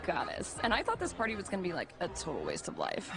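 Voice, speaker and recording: An actress voicing a vain, ditzy teenage girl in an animated series, with a bubbly, drawn-out drawl. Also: lowish voice, over music. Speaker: character in an animated series clip.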